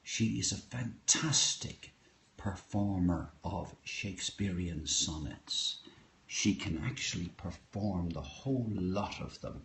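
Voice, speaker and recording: A man chats casually to a live audience from his home kitchen, his voice very low and his pace unhurried. He greets viewers one by one and wanders a little as he talks. A faint hiss of background noise sits under the recording. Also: expressive, vocal fry, a bit bright. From Ireland. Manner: greets viewers by name, rambling and hesitant. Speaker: host of a live poetry stream. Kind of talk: casual live-stream chat. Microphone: phone.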